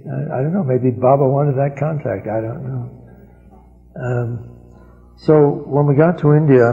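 An older man recounting old memories to a gathering, rambling with frequent chuckles and fillers. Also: medium pitch. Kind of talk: anecdotal storytelling talk. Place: large hall at a gathering. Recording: dull archival recording in reverberant hall.

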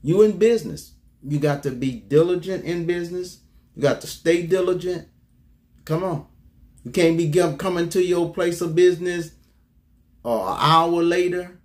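A man preaching a sermon as an apostle, talking conversationally, calling out to the congregation and dropping into low asides. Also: normal speed, darkish tone.

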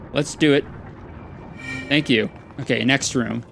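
A man's voice: medium pitch, a little slow, gravelly, long pauses, a bit bright, soft background music. A man streaming a video game, talking in casual, self-amused commentary as he plays.

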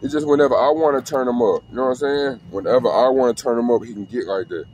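A man's voice: mid-range voice, fast talker, a little mellow, slight background noise. A man who breeds dogs, talking casually and slangily to the camera outdoors with his dog. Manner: slangy, laid-back, talks to camera and dog. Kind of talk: casual vlog talk.

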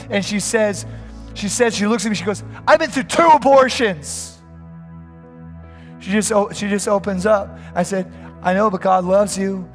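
A man preaching a fervent sermon as a pastor, stumbling over restarts as he tells a story. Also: sits high.

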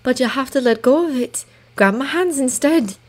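A woman voicing a tender, protective shapeshifter girl who speaks softly and calmly. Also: high voice, normal speed, pitched above the performer's own voice. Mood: soothing. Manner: soft, soothing, calm.

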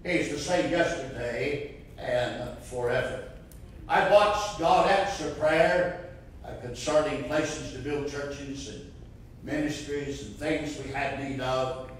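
A man preaches a fervent sermon that rises to impassioned cries, recorded from far off in a church sanctuary with a roomy echo. He speaks slowly at a medium pitch, with a little hiss or hum on the recording.

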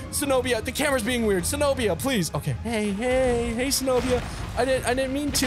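A man's voice: high-pitched, expressive, moderate pace. A man hosting a gaming video, chatting casually over gameplay, playful and giggly as he teases the enemy he is fighting. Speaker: gaming channel host. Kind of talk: casual let's play commentary. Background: game music.

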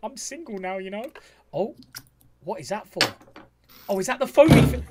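A man's voice: high voice, expressive, moderate pace, pauses often, noisy background. A man gushing through cheeky, camp reaction commentary. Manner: camp, cheeky, gasping and squealing. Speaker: reaction video host.

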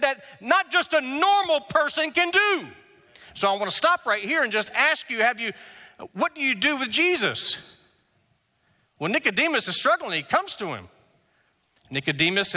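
A man preaching a sermon as pastor, emphatic, with rhetorical questions and drawn-out words. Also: sits high, sharp tone, big-room sound. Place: church sanctuary.

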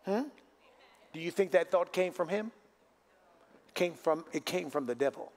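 A man's voice: on the high side, a little slow. A male pastor preaching a sermon, asking the congregation for responses and building to emphatic repeated declarations. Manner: preaching with call-and-response questions. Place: church sanctuary.

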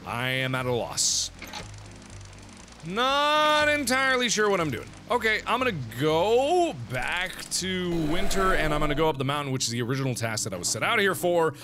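A man giving animated, joking let's play commentary, thinking aloud as he plays. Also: a little high, moderate pace, music in the background. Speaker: gaming video host.

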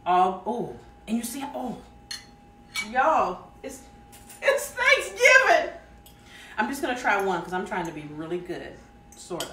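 Broadcasting live from a home kitchen, a Southern cooking host talks briskly with lively intonation in a mid-range voice, speaking right to her audience and reading their comments. The sound is roomy from a far-off mic, with a little hiss or hum.

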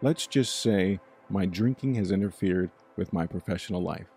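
A man voicing a gentle, understanding young woman in a spoken bedtime story. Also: sits low, moderate pace, gravelly, husky, exaggerated voice. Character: young woman, polished, quietly ashamed.

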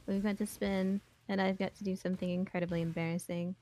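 A woman's voice: medium pitch, flat delivery, quick pace, warm tone. A woman reading out donations on a live game stream, in a dry, teasing, matter-of-fact manner. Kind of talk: casual live-stream commentary.

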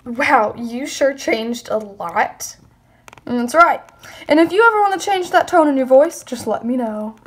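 A girl doing a gruff reformed thug. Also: sits high, lively intonation, measured pace, heavily acted. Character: former school bully man turned pastor.

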